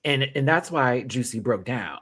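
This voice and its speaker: A man giving a casual, sassy review of a reality show, swinging from loud outbursts to hushed asides and laughing often. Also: medium pitch, lively intonation, normal speed, breathy edge. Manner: laughs often while talking. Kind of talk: casual reaction commentary.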